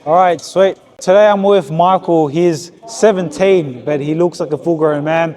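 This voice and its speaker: High-voiced boxing coach. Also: male voice, a little mellow. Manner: short repeated cues, brisk and encouraging. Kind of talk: hands-on coaching session. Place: boxing gym with heavy bag.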